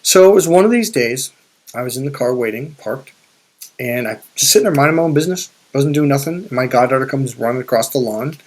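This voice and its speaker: A man's voice: mid-range voice, lively intonation, fairly quick. A man coaching viewers through a casual, rambling story, swearing freely and restarting his sentences often. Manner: profane, rambling, with frequent restarts. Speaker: spiritual and life coach.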